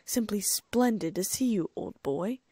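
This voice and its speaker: A woman's voice: mid-range voice, expressive, unhurried, dark tone, husky, no room sound, clean studio sound. A woman voicing a teasing teenage wizard boy, one of prankster twins, in an audiobook. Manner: teasing, mock-formal.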